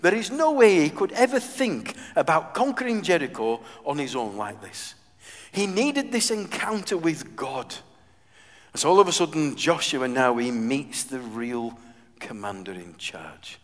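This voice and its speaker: A man delivers a sermon, pressing his points with loud emphasis before dropping to hushed, earnest asides. His voice carries a long reverb from the hall around him. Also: a little high, big pitch swings, a little slow. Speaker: preacher.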